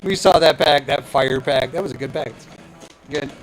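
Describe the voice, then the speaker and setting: A man's voice: fairly high pitch, moderate pace, faint music behind, poor audio. A man hosting a live card-opening stream, hyped and playful, talking straight to his viewers. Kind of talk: excited live stream chatter.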